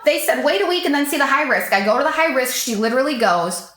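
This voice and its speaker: Bright-voiced woman telling a story. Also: sits high, fast talker. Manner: animated, swears freely, acts out quoted voices. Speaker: podcast guest. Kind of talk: casual storytelling chat. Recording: echoey room.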